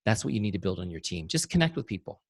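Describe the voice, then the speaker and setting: A man's voice: on the low side, very animated, fast talker, vocal fry, dry recording. A man teaching an online sales training, emphatic and direct, often repeating key phrases and talking to the audience as "you guys.". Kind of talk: motivational webinar teaching.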